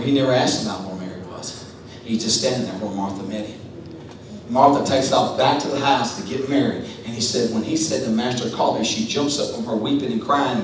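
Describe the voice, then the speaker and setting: A man preaching a sermon as pastor, telling a story in a low voice and then building to loud, chanting, sing-song preaching. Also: distant mic, a little hiss or hum. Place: church sanctuary. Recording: echoey church from afar with music.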